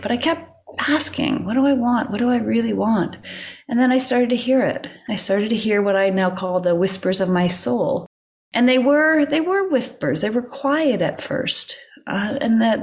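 A middle-aged woman talks through a personal story as a podcast guest. She is lively and expressive, acts out her own inner dialogue, and laughs easily as she goes. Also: fairly high pitch.

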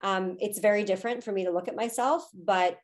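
A woman's voice: medium pitch, brisk. Candid, emotional woman telling her story. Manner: candid and emotional, with frequent fillers. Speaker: podcast guest, spiritual teacher. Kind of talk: personal story in a podcast interview.

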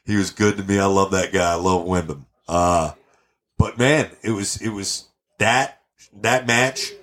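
Brash, lower-voiced man telling stories. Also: measured pace. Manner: brash, profane, animated storyteller. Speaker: podcast guest. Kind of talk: casual storytelling.

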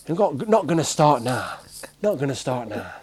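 A man imitating a brash, blustering older male football manager who boasts loudly about himself in the third person. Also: medium pitch, sing-song, normal speed, natural voice. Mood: boastful.

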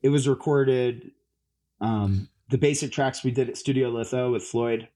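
A man's voice: medium pitch, a little slow, warm tone. A musician, a man, chatting as an interview guest, rambling with lots of fillers and restarts. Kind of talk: casual interview chat.

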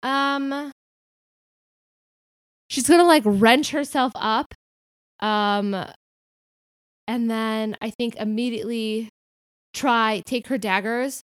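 A woman's voice: on the high side, takes it slowly, pauses often, clean tone, no room sound, studio quality. A woman playing a tabletop game, chatty and filling her talk with "like". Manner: chatty, lots of "like". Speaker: player. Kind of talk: casual tabletop play.

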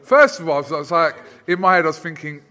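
A man's voice: on the high side, animated, fast talker, bright, forceful tone. A man interviewing a guest in casual, teasing banter. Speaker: sports interviewer.

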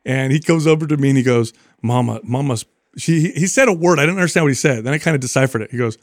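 A man's voice: medium pitch, fast talker, dry recording, studio quality. A young adult man co-hosting a podcast, telling stories in casual chat with lots of laughter. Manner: animated, laughing storyteller. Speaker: podcast co-host.

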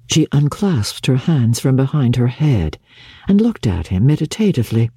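Expressive woman reading a classic novel. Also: extremely low pitch, normal speed, breathy edge, no echo, studio quality. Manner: expressive and theatrical. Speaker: narrator.

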